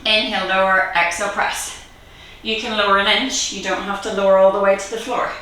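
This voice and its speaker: A woman coaching a live online kettlebell workout, encouraging and out of breath, cueing reps with quick laughs. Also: mid-range voice, flat delivery, bright, forceful tone, far from the mic, slight background noise. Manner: encouraging, breathy between cues, laughs often. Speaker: kettlebell fitness instructor. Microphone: video call. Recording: echoey room, voice a bit off-mic.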